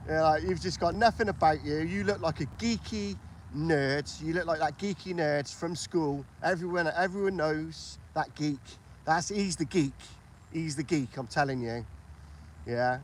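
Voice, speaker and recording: A British man talking politics off the cuff on his livestream, his voice sitting a little high for a man. He circles back over his points and keeps checking that the listener agrees. A faint hum of noise runs under the recording. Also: measured pace. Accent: British English. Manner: chatty, repeats himself, asks for agreement. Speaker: livestream host. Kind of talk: casual political chat.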